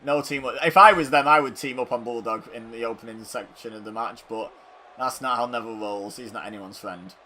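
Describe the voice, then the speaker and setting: A man's voice: fairly low pitch, brisk, slight background noise. A young man with a Salford accent, the host of a gaming channel, giving chatty, rambling commentary over a video game wrestling match. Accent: Salford, Greater Manchester. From England. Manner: chatty and animated, rambling asides.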